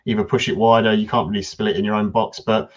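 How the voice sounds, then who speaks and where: Low-voiced man on a lo-fi podcast. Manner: relaxed, many ums, measured opinions. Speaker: podcast co-host. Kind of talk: casual football chat.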